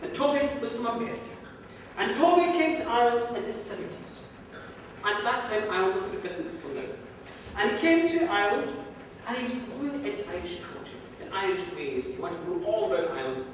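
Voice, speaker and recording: A man telling a comic folk story to listeners in a museum, lilting and playful, dropping low for punchlines. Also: very animated, fast talker. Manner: comic, lilting, with sudden drops to a low mutter. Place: museum hall. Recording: echoey hall, mic far off, faint noise.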